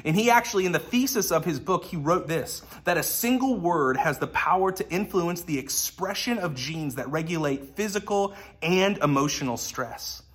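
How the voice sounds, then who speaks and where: A man's voice: fairly high pitch, lively intonation, normal speed, few pauses, a bit bright, slightly rough. A man in his thirties preaching a sermon in a conversational, earnest way with light humor. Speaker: pastor.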